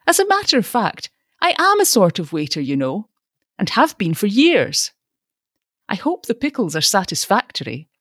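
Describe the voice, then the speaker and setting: A woman voices a frank, boyish young man, pitching above her natural voice with huge pitch swings. Her mid-range delivery is moderately paced and fairly bright, recorded at studio quality with no echo.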